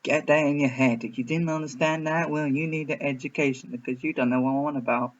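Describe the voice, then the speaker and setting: A man's voice: on the high side, steady tone, fast talker. Rambling man reviewing a film. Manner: rambling and hesitant, full of restarts. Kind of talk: casual reaction video. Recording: slightly muffled.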